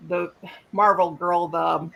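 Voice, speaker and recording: A woman's voice: lowish voice, steady tone, measured pace, gravelly, a bit bright, slight background noise, low-quality recording. A woman hosting a casual live stream, rambling and trailing off mid-sentence.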